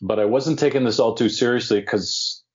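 Lively older man telling a story. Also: medium pitch, moderate pace, slight background noise. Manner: animated, acts out quoted voices, self-deprecating. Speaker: podcast guest, actor. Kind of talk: anecdotal storytelling. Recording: dull lo-fi audio.

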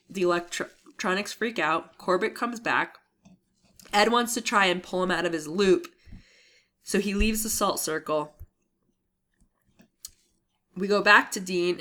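A woman's voice: on the low side, a bit bright. A woman co-hosting a podcast, casually recapping a TV episode with rambling asides and laughs. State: coughing. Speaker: podcast co-host.

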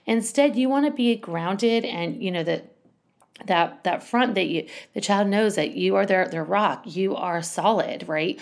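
A woman's voice: medium pitch, a little slow, creaky. A woman giving casual parenting advice in a chatty, rambling way, full of asides and restarts. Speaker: parenting coach.

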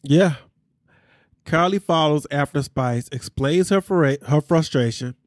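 Man hosting a podcast, animated and candid, talking in a somewhat high voice with dry, close sound. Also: unhurried, no room sound. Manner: animated, candid, slangy with asides to listeners. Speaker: podcast host recapping reality TV. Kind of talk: casual chat.

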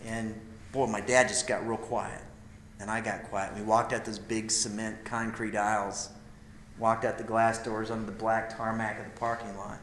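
Male preacher, heartfelt storytelling, goes loud then hushed, roomy live sound. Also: fairly low pitch, little pitch movement, normal speed, slight background noise. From Idaho, USA. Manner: emotional, intimate storytelling that swells and drops. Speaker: speaker at a men's gathering. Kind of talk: sermon storytelling.

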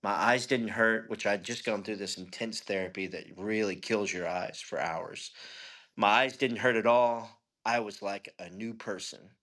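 A man's voice: lowish voice, normal speed, bright, forceful tone. A middle-aged man, a pastor, telling a personal testimony in an interview in an earnest, conversational way. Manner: earnest, conversational storytelling with frequent "you know".

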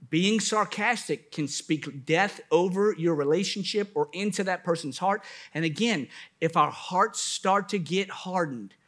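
A man's voice: fairly high pitch, fairly bright tone. A man pastor preaching a sermon at a church service, with rising bursts of emphasis and playful asides.

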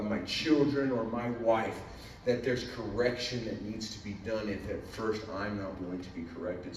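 A man preaching a fervent sermon from a distance in a very echoey church hall, his voice ringing off the walls. He moves between soft, reflective passages and loud, pleading calls in prayer. A faint hum of the room sits behind him. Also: lowish voice. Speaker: guest preacher. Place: church sanctuary.

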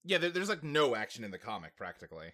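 A man co-hosting a podcast in casual chat, animated and jokey, often laughing and slipping into silly voices. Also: medium pitch, quick pace. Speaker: podcast co-host.

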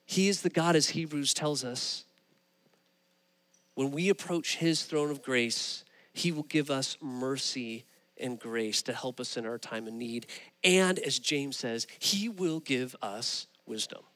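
A man's voice: medium pitch, slow pace. Man preaching in a reverberant hall. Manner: animated storytelling with rising emphasis. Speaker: pastor. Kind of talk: sermon.

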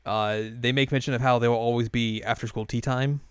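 A man's voice: medium pitch, steady tone, clear, resonant tone, no room sound, studio quality. Rambling man recapping an episode. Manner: loose and rambling, many fillers and quick quoted voices, laughs often. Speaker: podcast co-host recapping an anime episode. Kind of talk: casual chat.

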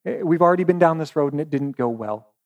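A man's voice: a little high, expressive, fast, dull audio. A man voicing a frustrated prophet who pleads with a king in urgent, incredulous tones. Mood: exasperated.

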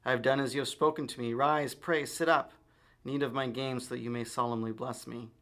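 A man's voice: mid-range voice, steady tone, fairly quick, fairly bright tone, close to an everyday voice. A man reading the lines of a younger son, worried and hesitant. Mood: pleading.

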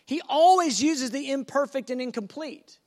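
A man's voice: very high voice, expressive, normal speed, darkish tone, in a large hall. A man preaching an earnest, emphatic sermon, acting out scripture dialogue.

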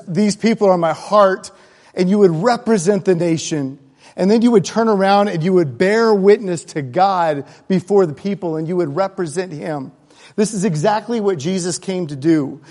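A man's voice: high-pitched, a little mellow. A man preaching a sermon in a conversational, earnest way, with asides and restarts. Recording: long hall reverb.

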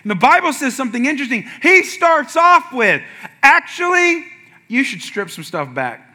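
Animated, high-pitched, bright pastor preaching. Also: male voice, normal speed. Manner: storytelling, animated with wide swings from quiet asides to shouted punchlines. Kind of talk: sermon.

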